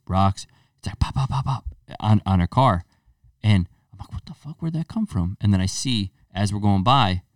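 A man's voice: sits low, dry recording, studio quality, distant mic. A young man co-hosting a podcast, telling stories in a casual chat, swearing freely and acting out what people said. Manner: animated storyteller, swears freely, acts out quotes. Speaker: podcast co-host.

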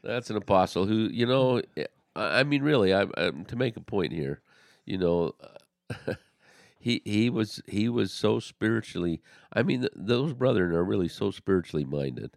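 This man co-hosts a religious podcast, speaking earnestly in a casual discussion and frequently restarting sentences, so his delivery is halting. His voice is fairly low with lively intonation and a creaky quality. The recording is dry and studio quality.

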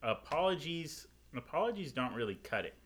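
A man's voice: fairly high pitch, very animated, moderate pace, a bit bright, breathy edge. A man co-hosting a comedy podcast, speaking in a mock-earnest way. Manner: mock-earnest political talk. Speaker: podcast co-host.

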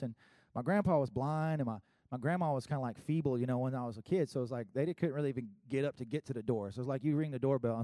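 A man from South Carolina preaching a sermon in a chatty, animated way, full of fillers and quick laughs. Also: medium pitch, no echo, studio quality. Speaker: pastor.

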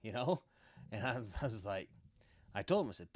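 A middle-aged man, a podcast guest, telling rough stories in a blunt, boastful way with heavy swearing. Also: on the low side, fast talker, no echo, studio quality. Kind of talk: casual storytelling.

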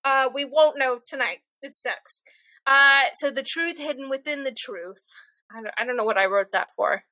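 A young woman co-hosting a podcast, chatting casually in an animated, rambling, self-deprecating way. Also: high-pitched, moderate pace, dry recording. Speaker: podcast co-host. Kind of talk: casual chat.

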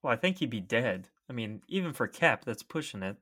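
Bright-voiced man explaining science casually. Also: mid-range voice, sing-song, brisk. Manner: explains facts in an easy, chatty way. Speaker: podcast co-host. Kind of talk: casual science podcast chat.

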